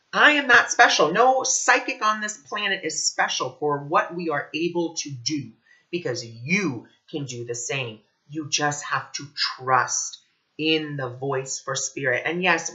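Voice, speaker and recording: Man, spiritual teacher type, bright voice, earnest and animated, lo-fi sound. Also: fairly high pitch. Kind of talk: casual spiritual talk to camera.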